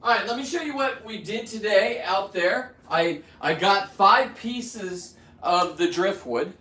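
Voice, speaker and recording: A man's voice: high voice, a little slow, sharp tone, reverberant, recorded from a distance. A man in his fifties talking casually to camera while he works, rambling with many restarts and getting worked up as he goes. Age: 50s. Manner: rambling, restarts, heats up into ranting. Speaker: vlogger.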